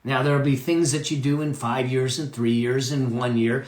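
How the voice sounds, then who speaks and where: A man's voice: medium pitch, steady tone, moderate pace, echoey room. A man giving a live motivational talk about money, emphatic, repeating key phrases and checking in with "okay?".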